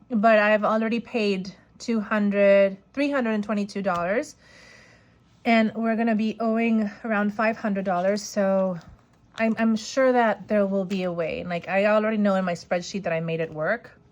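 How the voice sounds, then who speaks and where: A woman in her forties chatting casually on a budgeting vlog, rambling and excited, with a lot of "like" fillers. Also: medium pitch, muffled recording. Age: 40s. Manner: rambling and excited, heavy use of "like". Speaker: budgeting vlogger. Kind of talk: casual chat.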